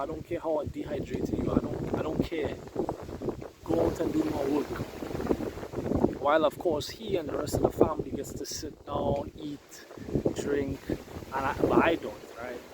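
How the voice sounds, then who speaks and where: A young man telling a personal story to camera, animated as he quotes his father and himself. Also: on the high side. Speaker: vlogger. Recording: loud wind and background noise on mic.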